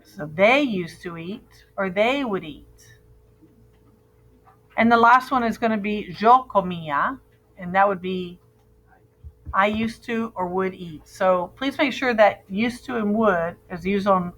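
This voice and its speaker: Patient and clear, this Spanish teacher leads a grammar lesson, calling out verb endings for the class to echo back at a relaxed, steady tempo. Her pitch is middle-of-the-road for a woman, and the audio is poor quality.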